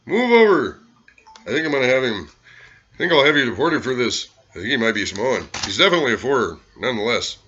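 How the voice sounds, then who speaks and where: Man doing a loud, profane barroom writer. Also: medium pitch, very animated, fast talker, highs cut off, slight background noise, pitched above the performer's own voice. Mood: belligerent. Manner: barking insults, cursing. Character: drunk, profane, abrasive older man at a bar.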